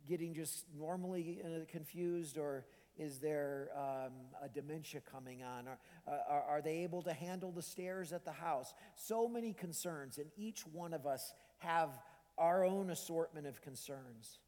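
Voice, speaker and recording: A man delivering a sermon with a slightly higher voice than most men. He talks in an easy, conversational way, full of ums and restarts. His voice rings with the long reverb of a large church hall. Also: unhurried, few pauses, darkish tone. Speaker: pastor.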